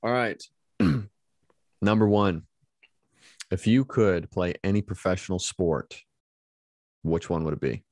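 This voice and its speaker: A male podcast host telling a story in casual chat, animated and laughing often, restarting his sentences as he goes. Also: sits low, slow pace, long pauses.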